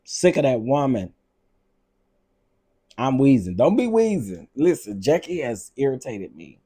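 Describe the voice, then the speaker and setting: A man venting to his viewers in a loose, repetitive rant, circling back to the same complaints. His voice is mellow and husky, sitting in a middle pitch. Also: a little slow. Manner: animated, repetitive, exasperated. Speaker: vlog host. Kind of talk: casual ranting vlog.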